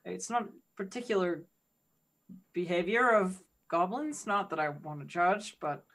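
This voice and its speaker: Hesitant low-voiced woman player. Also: expressive, unhurried, a bit bright. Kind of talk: tabletop role-play chat.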